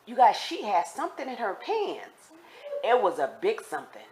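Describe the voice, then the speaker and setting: In a mid-range voice at normal speed, a woman talks straight to her audience about something that happened to her. Her delivery is casual and animated, and she repeats herself to stress key points.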